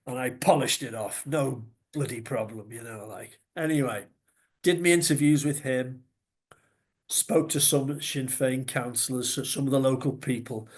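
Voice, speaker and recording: A middle-aged man with a Scouse accent, telling lively anecdotes as a podcast guest, with chuckles and salty asides. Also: medium pitch, normal speed. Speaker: guest, former news reporter. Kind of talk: conversational storytelling.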